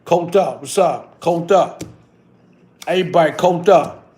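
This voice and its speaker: A man's voice: on the high side, a little slow. Slangy middle-aged man chatting on livestream. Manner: loose, slangy storytelling with many shout-outs. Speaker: livestream host. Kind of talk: casual livestream chat.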